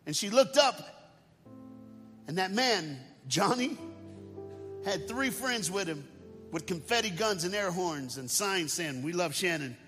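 A man preaches with a slightly high voice, telling his story with dramatic, colloquial flair. His voice carries a long reverb through a large auditorium. Faint music hangs underneath. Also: expressive, slow pace, pauses often, fairly bright tone. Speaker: guest speaker. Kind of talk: sermon storytelling.

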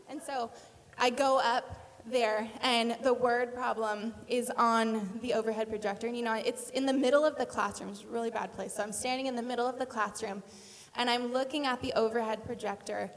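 A woman's voice: on the high side, steady tone, fairly quick. A woman in her thirties giving a sermon, telling a personal story in a chatty, self-deprecating way. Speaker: speaker at church. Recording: hall reverb.

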